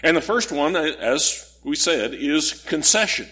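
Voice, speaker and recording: Male preacher, husky voice, very slow deliberate delivery, emphatic rises. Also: a little high, lively intonation, pushed and bright. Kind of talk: sermon.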